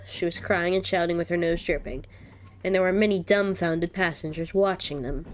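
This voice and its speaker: A young woman reading a visual novel aloud as a let's-play host, breaking off with loud reactions. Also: lowish voice. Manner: expressive, reacts loudly.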